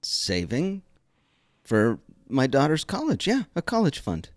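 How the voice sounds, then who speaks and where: A man in his thirties with a lively, up-and-down voice, co-hosting a casual podcast and cracking wry jokes. His mid-range voice sounds dry and close to the mic. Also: mid-range voice, measured pace, no room sound. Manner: wry and joking, animated delivery. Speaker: podcast co-host. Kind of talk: casual chat.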